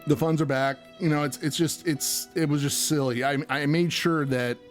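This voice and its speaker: A man on a podcast launches into a heated, profanity-laced rant, his voice sitting a bit high for a man. He tells his story in loose, casual chat, and faint music runs under him. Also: fairly even intonation, normal speed. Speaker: podcast co-host.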